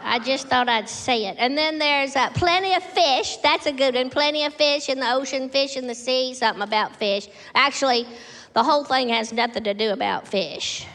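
A woman's voice: high voice, moderate pace, a bit bright. A woman doing a stand-up comedy routine with a wry, self-deprecating delivery.

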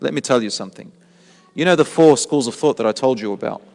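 A man's voice: medium pitch, animated, fast, vocal fry, darkish tone, long reverb tail. A man giving a religious talk, explaining step by step with rhetorical questions he answers himself. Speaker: Islamic preacher. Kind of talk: sermon.

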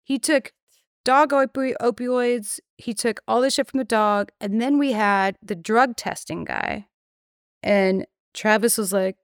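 Telling a story casually on a podcast, this young female guest is blunt and indignant, cursing freely and impersonating what others said. Her voice is a little high and clean, with a measured pace, in studio-quality audio without echo.

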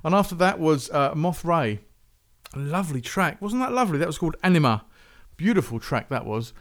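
Rambling chatty podcast host. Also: male voice, on the high side, very animated, a little fast. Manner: rambling, chatty, self-interrupting. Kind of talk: casual music podcast chat.

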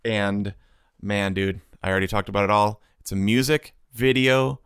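Brief: laid-back male co-host, low pitch, dry close sound. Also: normal speed, a bit bright, clear, resonant tone, no room sound. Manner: easygoing, says "dude" a lot. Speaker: podcast co-host. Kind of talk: casual chat.

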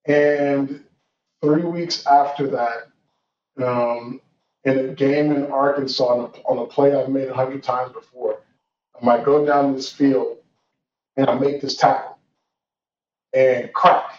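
A man's voice: mid-range voice, steady tone, takes it slowly, pauses often. A young man telling a personal story in an earnest, reflective way, with many fillers and restarts. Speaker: guest telling his story. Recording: roomy, distant, dull sound with faint noise.

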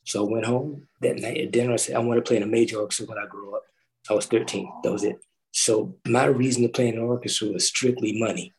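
A middle-aged man, a former orchestral timpanist, telling an animated story in a roundtable talk, acting out quotes and singing drum parts. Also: on the low side, fast, poor audio. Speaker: orchestral timpanist recalling his start.

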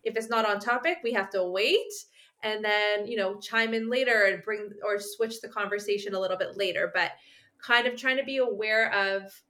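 Woman guest, bright voice, chatty and explanatory, lots of "you know". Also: medium pitch, normal speed. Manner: explains at length with many fillers. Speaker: speech therapist guest. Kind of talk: podcast conversation.

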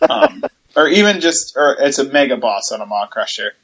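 A man's voice: medium pitch, sing-song, normal speed, a bit bright. A man with a mid-range voice explains things steadily in a casual chat, running through lists with some fillers. His audio is dull and lo-fi.

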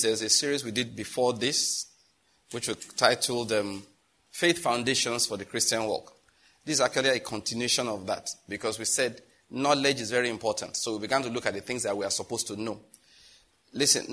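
Nigerian male pastor, chatty and lively preaching, breathy edge, bright tone. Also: medium pitch. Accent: Nigerian English. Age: adult, married. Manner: lively, chatty preaching with laughs and asides to the congregation. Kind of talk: sermon.

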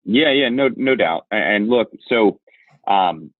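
A man with a low voice tells a story as a podcast guest, animated and candid. His voice comes through a narrow, tinny, phone-like line. The sound is dry, with no room echo. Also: slow pace. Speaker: podcast guest, insurance marketer. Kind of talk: storytelling conversation.

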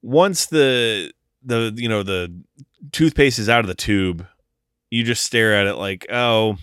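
A man with a lowish voice, recorded dry and close. He talks in a loose, animated way, swearing and acting out lines in goofy voices as he goes through a film. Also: smooth, dry recording. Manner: animated, profane, quick to act out lines in funny voices. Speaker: podcast co-host. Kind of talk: casual movie-discussion chat.

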